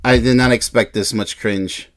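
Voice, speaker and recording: A man's voice: mid-range voice, steady tone, normal speed, soft background music. A man giving a sarcastic, exasperated reaction commentary while reading an article aloud, with frequent incredulous exclamations. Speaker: relationship commentator.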